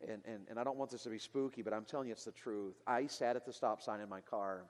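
A man preaching a sermon, telling a story earnestly, rising to loud emotional peaks and then dropping quiet. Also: fairly low pitch, steady tone, quick pace, big-room sound.

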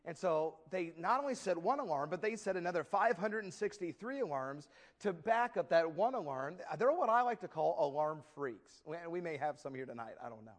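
A man preaching a sermon, dramatic and storytelling, swinging between loud declaiming and soft asides with folksy humor. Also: a little high, very animated, fairly quick, few pauses.

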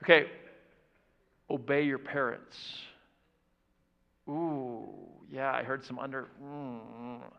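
A man's voice: medium pitch, steady tone, takes it slowly, long pauses, clear, resonant tone. A man in his thirties preaching a playful sermon to young people, asking the crowd questions. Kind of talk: youth sermon. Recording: dull lo-fi church audio.

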